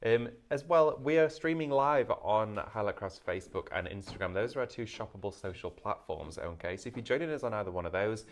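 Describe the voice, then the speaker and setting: A man hosting a live craft shopping show, in an upbeat, salesy patter. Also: lowish voice.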